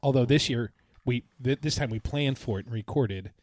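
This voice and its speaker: A man co-hosting a casual podcast, telling rambling travel stories with frequent laughs and throat-clearing. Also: mid-range voice, normal speed, a little mellow, a little hiss or hum. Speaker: podcast co-host. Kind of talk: casual chat.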